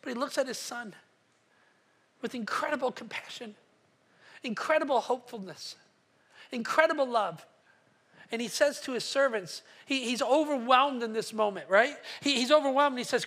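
A pastor preaching a sermon at a church service, telling a story with animated energy, acting out voices and stumbling into quick restarts. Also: medium pitch, husky.

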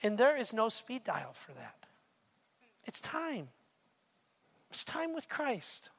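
A man's voice: very high-pitched, wildly swooping pitch, takes it slowly, fairly bright tone, slightly rough. A middle-aged man preaching a sermon in a chatty storytelling way, repeating words and checking in with "right?". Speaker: pastor.

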